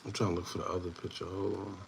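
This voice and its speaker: A man hosting an online commentary show, talking casually to viewers in a repetitive, animated way with laughing asides. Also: deep voice, very fast, creaky, a little hiss or hum. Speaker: show host.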